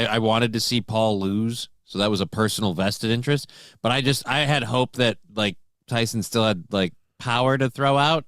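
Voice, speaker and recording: A man's voice: on the low side, a bit bright, clean tone, dry recording, studio quality. A man co-hosting a talk show, speaking casually and a little hesitantly with a wry edge. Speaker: co-host. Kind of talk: casual chat.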